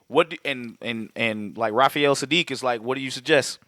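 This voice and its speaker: A man's voice: medium pitch, moderate pace, no room sound. A man co-hosting a podcast, chatting casually and profanely about a film and acting out its lines. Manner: profane, animated, acts out movie quotes. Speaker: podcast co-host. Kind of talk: casual film recap chat.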